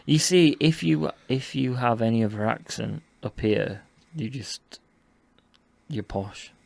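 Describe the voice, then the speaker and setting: A man from Yorkshire talking casually as a podcast guest, peppering his speech with "like." His voice has a gravelly edge at a middle pitch and sounds dry and close. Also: slow, a little mellow, no room sound. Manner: informal, says "like" a lot. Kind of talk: casual chat.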